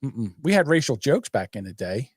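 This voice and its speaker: An older man co-hosts a podcast, teasing and jumping lively up and down in pitch. His mid-range voice is recorded close and dry. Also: normal speed, slightly rough, no echo. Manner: animated, teasing, does mocking voices. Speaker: podcast co-host. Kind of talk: crude casual political banter.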